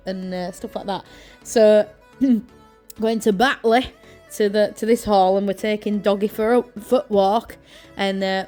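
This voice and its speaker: Chatty East Yorkshire woman with soft music. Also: mid-range voice, normal speed. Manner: chatty and rambling, many fillers and self-corrections. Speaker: journaling vlogger. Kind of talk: casual chat to camera while crafting. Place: at home.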